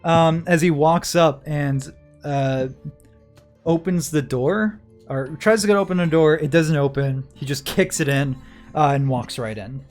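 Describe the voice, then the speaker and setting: A man's voice: a little high, a little slow, darkish tone, faint music behind. A man narrating a tabletop game as game master, casual and hesitant with many fillers.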